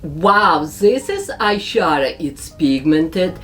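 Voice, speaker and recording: A woman narrating a makeup tutorial as a beauty vlogger, speaking slow, careful English with non-native phrasing. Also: lowish voice, lively intonation, a bit bright, faint music behind.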